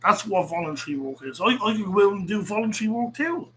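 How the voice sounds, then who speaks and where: A man hosts a show and fires off a rambling, profane rant full of restarts. His voice sits a little above the usual male range. A soft hum runs faintly beneath him throughout. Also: high-pitched, animated, quick pace, low-quality recording. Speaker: host. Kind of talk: ranting monologue.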